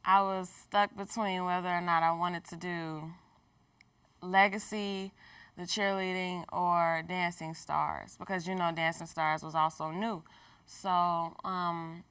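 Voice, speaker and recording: A young woman college student, a dancer, answering interview questions in a relaxed way. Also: on the low side, a little slow, clean tone, no room sound, far from the mic. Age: young adult. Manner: relaxed, with frequent "um" and "you know".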